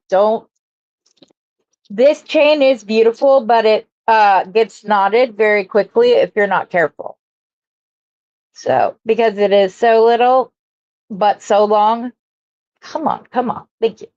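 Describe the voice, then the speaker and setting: A woman's voice: fairly high pitch, darkish tone, highs cut off. A woman hosting a jewelry-making live stream, chatting casually and rambling as she greets viewers and works.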